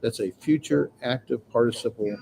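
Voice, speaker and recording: A man's voice: medium pitch, moderate pace, creaky, loud music behind the voice, rough recording. Patient male instructor explaining grammar. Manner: patient, explanatory, reassuring, with frequent filler sounds. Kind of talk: classroom lecture. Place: classroom with students.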